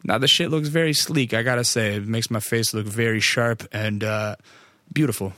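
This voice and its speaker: A man's voice: lowish voice, fairly even intonation, moderate pace, sharp tone, no echo, clean studio sound. A young adult man, a photographer, telling a rambling, profane story full of "like" fillers. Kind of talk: casual storytelling.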